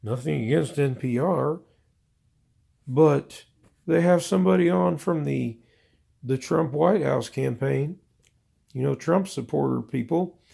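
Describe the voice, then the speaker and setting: A man's voice: fairly high pitch, a little slow, vocal fry, pauses often, mellow, husky. A man delivering a profane, exasperated, rambling comedic rant to his viewers. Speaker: vlogger.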